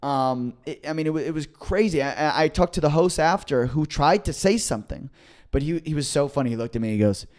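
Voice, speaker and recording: Rambling young comedian telling a story. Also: male voice, on the high side, lively intonation, a little fast, a little mellow. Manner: rambling storyteller who acts out what others said. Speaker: stand-up comedian and podcast co-host. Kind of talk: casual comedy podcast chat.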